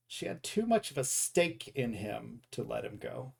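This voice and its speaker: A man's voice: medium pitch, big pitch swings, measured pace, creaky, slightly rough. A man streaming a game, chatting casually and reading dad jokes, often correcting himself and chuckling at his own jokes. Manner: reads dad jokes aloud. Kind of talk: casual live stream chat.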